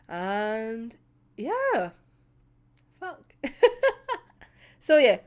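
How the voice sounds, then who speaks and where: A young woman chatting casually to her viewers in a vlog, laughing often and swearing now and then. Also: medium pitch. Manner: uses local words like wee and yous. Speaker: YouTube creator.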